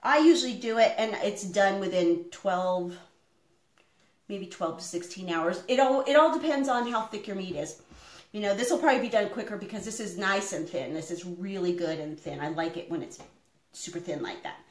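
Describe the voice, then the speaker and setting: In her echoey home kitchen, a middle-aged woman who runs a homestead vlog cooks and talks on a live stream. Her medium-pitched voice moves at a moderate pace as she meanders along, full of filler words.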